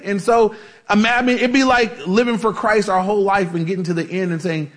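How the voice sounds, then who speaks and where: High-voiced casual male preacher. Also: steady tone, brisk, a bit bright. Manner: casual and chatty, with frequent "you know" and restarts. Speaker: pastor. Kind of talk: conversational Bible-teaching sermon.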